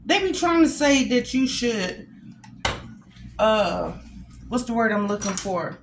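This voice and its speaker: A woman chatting casually with her viewers from home as a cooking vlogger, addressing them directly and warmly as a group. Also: on the high side, very animated, takes it slowly, reverberant, noisy background. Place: at home while eating a meal.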